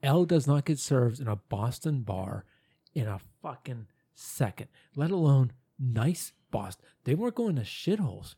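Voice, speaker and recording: Dark, husky-voiced blunt man. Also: mid-range voice, sing-song, normal speed. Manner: blunt and profane. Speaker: podcast co-host. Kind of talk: casual chat.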